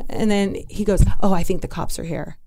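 A woman telling a personal story in an interview, candid and halting, with restarts and asides. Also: medium pitch, fairly even intonation, warm tone. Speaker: interview guest.

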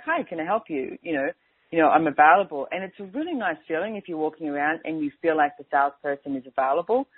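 A woman's voice: sits low, no room sound. A woman hosting a radio talk show, chatting casually and filling her speech with "and it's like". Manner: chatty, keeps saying "and it's like". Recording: tinny phone-like line, dry.

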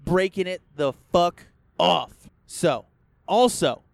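A man with a high voice rants through a casual podcast recorded inside a car. He swears in nearly every line and keeps flaring into loud outbursts. The sound is dry and close, with no room echo. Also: slow, vocal fry. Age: adult, past a first marriage. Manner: crude, swears constantly, bursts into yelling. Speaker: podcast host. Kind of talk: profane casual rant.

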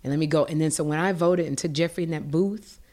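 A middle-aged woman, a guest in an interview, telling a personal story in an animated, emotional way with frequent restarts. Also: low-pitched, fast talker.

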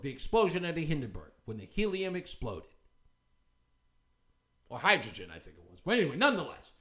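Heated, high-pitched ranting male host. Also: pushed and bright. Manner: heated, confrontational, scornful. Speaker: talk show host. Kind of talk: ranting commentary.

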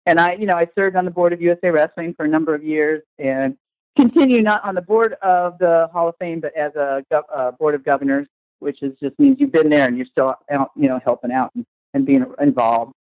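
A woman's voice: deep voice, fairly quick, dry recording, muffled recording. A woman guest in a conversational interview, talking with enthusiasm and at length. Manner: enthusiastic, talkative. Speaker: guest, tour organizer.

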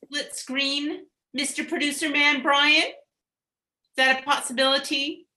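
A woman's voice: sits high, steady tone, slow pace, pushed and bright, echoey room. A woman hosting a live online show over a video call, bubbly and tripping over her words now and then. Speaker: host.

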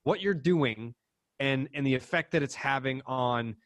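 A man co-hosting a podcast, speaking earnestly and a little haltingly in casual chat. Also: mid-range voice, no room sound, studio quality. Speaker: podcast co-host.

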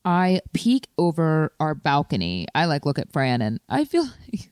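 A woman telling a story in casual chat, chatty and animated, with lots of "like" fillers. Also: deep voice, measured pace, clear, resonant tone, no room sound, studio quality.

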